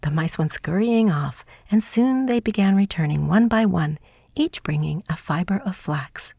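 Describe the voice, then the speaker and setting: A woman narrating a folk tale audiobook in a soft, hushed, scripted reading. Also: on the low side, expressive, moderate pace, creaky, slightly rough, no echo, clean studio sound.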